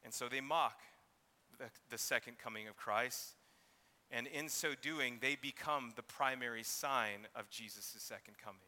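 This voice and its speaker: A man's voice: medium pitch, measured pace, bright, forceful tone, long reverb tail. A man preaching an expository sermon, reading scripture and sometimes acting out mocking voices. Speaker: pastor.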